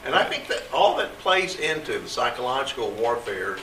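With big pitch swings and a sharp tone, a class member in a Bible group discussion retells scripture plainly and thoughtfully at a moderate pace in a mid-range voice. The audio is roomy and distant, carrying a little hiss or hum.

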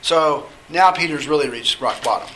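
Guy running a bible study, bright voice, kinda high, keeps asking okay? as he goes. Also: moderate pace, a little hiss or hum, poor audio. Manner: checks in often with "okay?". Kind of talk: conversational Bible teaching.

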